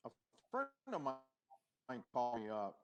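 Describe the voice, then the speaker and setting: A middle-aged man, a podcast guest, telling his own story in an unhurried, reflective way, with pauses and restarts, and acting out the past conversations. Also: mid-range voice, sing-song, clear, resonant tone, lo-fi sound. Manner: acts out past dialogue.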